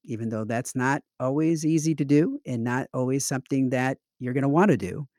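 Reflective podcast host, dry close sound. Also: male voice, mid-range voice, fairly quick, darkish tone, no echo. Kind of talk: casual podcast talk.

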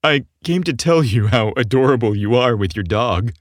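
A man's voice: medium pitch, lively intonation, moderate pace, no echo, clean studio sound, close to an everyday voice. A man voicing a shy, good-natured young gay man in an audio story. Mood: friendly.

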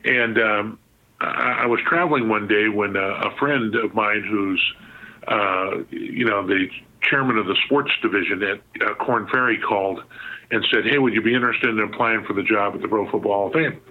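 A man's voice: on the low side, normal speed. A man from Southern California, a guest telling stories over the phone in a chatty way, full of fillers and restarts. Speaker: guest, sports museum president. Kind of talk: phone interview storytelling. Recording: tinny phone line.

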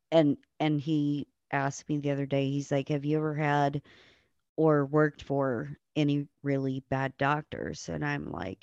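A woman's voice: low voice, creaky, darkish tone, dry recording, muffled recording. A nurse, a woman guest on a podcast, telling blunt stories full of swearing and acting out the people she quotes. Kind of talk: casual storytelling on a podcast.

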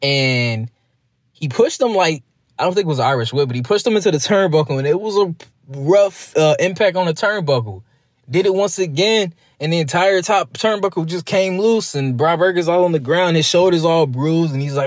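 A man's voice: on the high side, no room sound, studio quality. A man giving a casual, rambling recap review of a wrestling show, chatting loosely with lots of asides. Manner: rambling, chatty, slips into quick mock voices.

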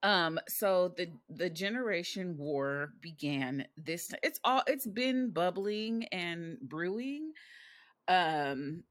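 A podcast co-host in their forties chatting casually, sassy and profane, often breaking into loud laughter. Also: medium pitch, animated, slow pace, no echo, clean studio sound. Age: 40s. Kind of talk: casual chat.

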